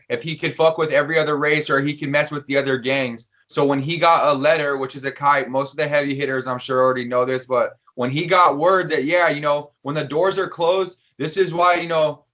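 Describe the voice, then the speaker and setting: A man's voice: a little high, fairly bright tone. A man co-hosting a podcast, cutting in to explain things to listeners in an emphatic, profane way. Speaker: podcast co-host. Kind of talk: casual explanatory chat. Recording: dull lo-fi recording.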